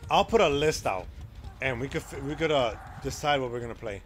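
A man live-streaming a game, chatting casually with his viewers and reacting loudly to the action. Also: mid-range voice, lively intonation, a little fast, slight background noise.

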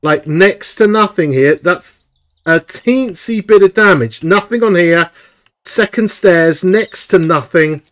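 A young man giving excitable, chatty live commentary while streaming a video game. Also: high voice, slow pace.

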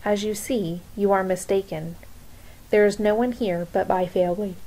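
A calm, protective father answers firmly, as a woman reading a storybook gives him voice. He is steady and controlled. The tone is warm and mellow. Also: mid-range voice, moderate pace, slight background noise, lightly acted, rough recording.

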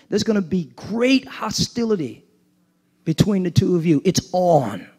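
A man preaching a sermon in a notably high voice. He is emphatic and casual, mixing slang with scripture and checking in with his listeners as he goes. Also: animated, measured pace, darkish tone, husky. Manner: emphatic, engaging the congregation with call-and-response asides. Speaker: pastor.

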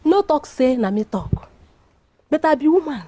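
A woman's voice: sits high, very animated, normal speed, warm tone. An actress with a Nigerian accent playing a nosy, gossipy village neighbor woman. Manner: gossipy, insinuating.

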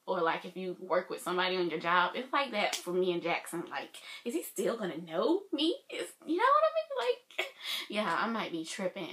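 A young woman vlogging casually, gushing and excitable, with lots of filler words. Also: mid-range voice. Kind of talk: casual reaction vlog.

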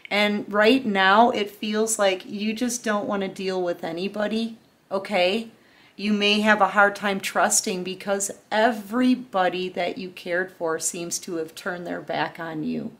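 A woman's voice: mid-range voice, fairly even intonation, measured pace, a bit bright. Earnest woman tarot reader. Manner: earnest, heartfelt, talks straight to the viewer; loose and chatty with fillers. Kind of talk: casual collective tarot reading.

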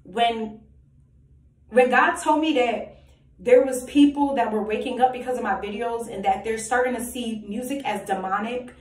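A self-styled prophetic vlogger, a woman with a fairly high-pitched voice, delivers an emphatic, preachy personal monologue at a moderate pace. She leans on rhetorical questions and repetition. The room is echoey and she sits far from the mic.

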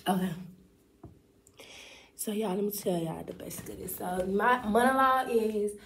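A woman's voice: medium pitch, steady tone, moderate pace, creaky, reverberant, noisy background. A young woman, chatting bluntly and profanely to her vlog viewers about her acting homework. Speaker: vlogger and acting student. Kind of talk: casual vlog chat. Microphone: phone camera.

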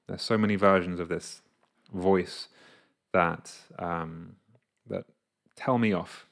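Low gravelly man musing aloud. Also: fairly even intonation, slow pace, long pauses, a bit bright. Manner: thoughtful, explains with examples, acts out inner voices. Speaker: coach. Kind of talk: casual reflective monologue to camera.

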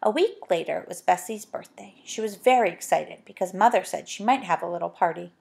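A woman reading a children's storybook aloud, gentle and chatty, with little asides to the listener. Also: fairly low pitch, a little fast, gravelly. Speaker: narrator.

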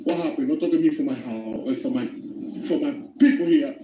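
A man's voice: a little high, brisk, echoey room, muffled recording, noisy background, natural voice. A man putting on an old Dominican man who protests in broken, Spanish-tinged English. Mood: indignant. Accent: put-on Dominican Spanish-tinged English.

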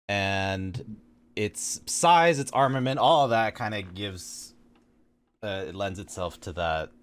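A man co-hosting a casual podcast chat about tabletop games, speaking in a deliberate, measured way with pauses. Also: low voice, slight background noise. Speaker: podcast co-host.

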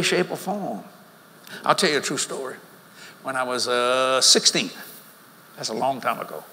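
Animated preacher in a big hall. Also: male voice, medium pitch, a little hiss or hum. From Louisiana, USA. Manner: folksy, animated, laughing between lines. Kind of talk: sermon. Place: large church auditorium. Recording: long hall reverb with faint crowd ambience.

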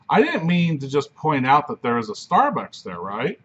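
A philosophy professor lecturing in a conversational way, often checking in with "right?". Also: male voice, on the high side, very animated, moderate pace, few pauses, a bit bright, husky. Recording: dull lo-fi recording.

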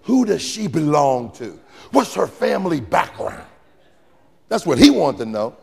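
A male pastor preaching to his congregation with call-and-response and playful teasing, swinging between sudden shouts and quiet asides. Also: a little high, big pitch swings, a little slow, gravelly, husky, big-room sound. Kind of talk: sermon. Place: church sanctuary with congregation.

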